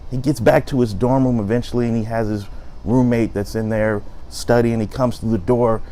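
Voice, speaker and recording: Lively man telling a story. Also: medium pitch, normal speed, slight background noise. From South Side of Chicago. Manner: lively storyteller, acts out quotes. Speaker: host. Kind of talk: storytelling talk.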